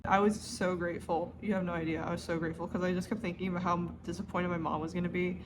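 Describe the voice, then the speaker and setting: A woman crochet vlogger telling a story to camera in a rambling, animated way, often stopping to correct herself. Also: on the low side, fast talker, background noise. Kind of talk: casual storytelling vlog.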